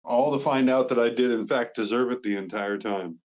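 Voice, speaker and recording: Brash, swearing young dad. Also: male voice, medium pitch, brisk, muffled recording. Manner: brash, boastful, profane. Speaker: podcast guest. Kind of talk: casual chat.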